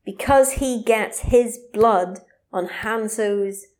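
An animated woman is co-hosting a casual film chat. She retells the plot with gusto and drops the odd swear. Her voice sits at an everyday middle pitch for a woman. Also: slow. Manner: animated storyteller, swears, acts out quotes. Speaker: podcast co-host.

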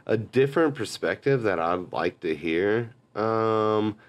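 Low-voiced laid-back young man. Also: slow pace, lo-fi sound. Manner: laid-back, rambling, swears freely. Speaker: podcast guest, bar manager. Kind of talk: casual podcast chat.

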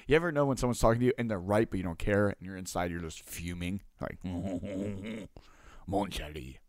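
A man casually telling a story to his audience in a lively way, acting out both sides of a conversation and tagging his lines with "right?". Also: lowish voice, quick pace, clear, resonant tone, dry recording, studio quality. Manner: animated, acts out dialogue, constant "right?" tags. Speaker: coach and online marketer.

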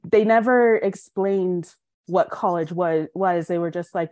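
Young woman guest, low-pitched, frank storyteller, dry studio sound. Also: a little slow, no room sound. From Colorado. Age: young adult. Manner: frank, animated, acts out quoted dialogue. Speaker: podcast guest, student. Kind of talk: candid interview storytelling.

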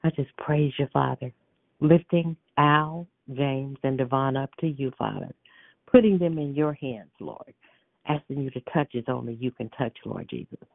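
A woman's voice: rumbling low, moderate pace, creaky, no room sound. Fervent woman praying over a phone line. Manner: fervent, repeating praise words. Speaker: prayer line leader. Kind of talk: spoken prayer on a phone line.

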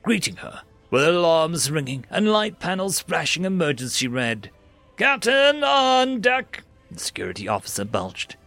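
Gravelly, animated male storyteller. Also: a little high, moderate pace, hardly any pauses, faint music behind. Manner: expressive, rises and drops for drama. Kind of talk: dramatic sci-fi story narration.

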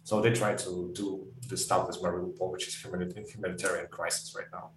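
A man's voice: sits low, flat delivery, a little fast. A man from Ukraine, a Russian speaker, giving thoughtful, hedging answers in an interview. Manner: thoughtful, hedging often with "I think". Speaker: guest. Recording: echoey room, distant mic, faint hum.

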